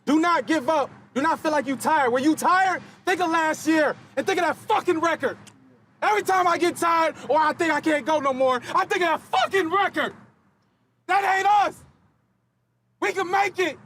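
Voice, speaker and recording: A man giving a fired-up, profane motivational speech to his football team, shouting much of it. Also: extremely high pitch, normal speed, slight background noise. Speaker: football player addressing team. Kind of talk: locker-room motivational speech.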